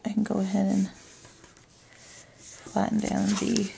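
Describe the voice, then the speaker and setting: A woman demonstrating card making step by step, calmly narrating what she does with her hands. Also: mid-range voice, measured pace, vocal fry, long pauses, a little hiss or hum. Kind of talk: step-by-step craft tutorial.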